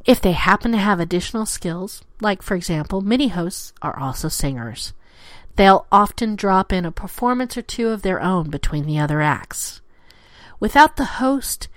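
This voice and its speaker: A woman's voice: medium pitch, no room sound. Playful, theatrical woman podcast host. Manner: playful, theatrical, drops to whispers for emphasis. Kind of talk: scripted solo show talk.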